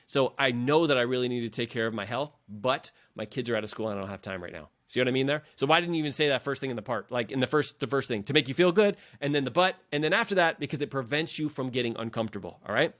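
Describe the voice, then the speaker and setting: A man's voice: medium pitch, lively intonation, fast talker, few pauses, a bit bright. A middle-aged man hosting a motivational coaching podcast in a casual, earnest and encouraging way, often calling his listeners "guys". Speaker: podcast host and leadership coach.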